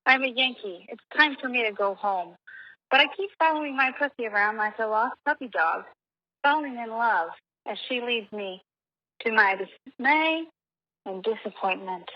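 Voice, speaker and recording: A woman's voice: a little high, animated, moderate pace. Crude self-mocking female caller. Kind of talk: recorded voicemail question. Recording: dull lo-fi phone message.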